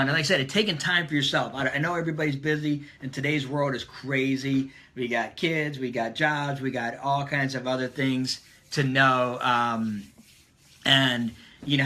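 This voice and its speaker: Guy doing a casual live stream, bright voice, hypes up everyone by name. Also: medium pitch. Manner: upbeat, greets viewers by name.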